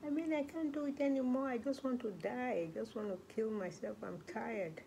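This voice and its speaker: A woman's voice: fairly high pitch, moderate pace, vocal fry, dull audio, background noise. A young woman playing a hopeless fourteen-year-old girl in a group home, bitter and pleading, in a student role-play scene. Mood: weary. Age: young adult.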